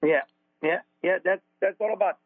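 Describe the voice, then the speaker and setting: A high-voiced man with an Israeli accent speaks earnestly, often repeating his words as he tells his story. His voice comes over a narrow, phone-like band with a dry, close sound. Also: moderate pace, dry recording. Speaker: radio show host, spiritual teacher. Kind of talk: conversational storytelling on talk radio. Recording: dry phone-like radio audio.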